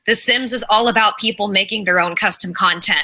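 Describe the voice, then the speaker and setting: A woman chatting on a casual online panel, telling a story with animated laughter and some swearing. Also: medium pitch, brisk, rough recording.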